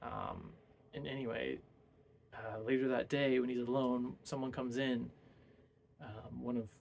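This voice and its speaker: Male book reviewer for a casual, rambling plot retelling. Mid-pitched voice with a gravelly fry. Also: expressive, measured pace, a little mellow, slight background noise. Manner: rambling, hesitant, many fillers.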